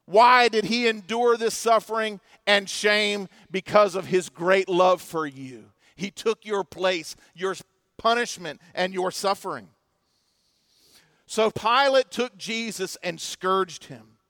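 A male preacher with a very high voice delivers an impassioned sermon, dropping to a hush and then rising to loud emphasis. The sound is dry and close, with no room echo. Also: slow pace. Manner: impassioned preaching with dramatic swings between loud and hushed. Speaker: pastor.

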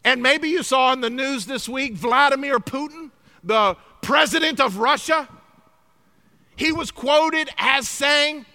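A middle-aged male pastor preaching a sermon, emphatic and swinging from loud exclamations to hushed, grave lines. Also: very high voice, animated, slow pace.

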